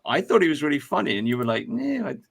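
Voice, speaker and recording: A man hosting a podcast in a casual, animated way, swearing freely and laughing easily. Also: medium pitch, racing. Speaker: podcast host. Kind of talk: casual chat.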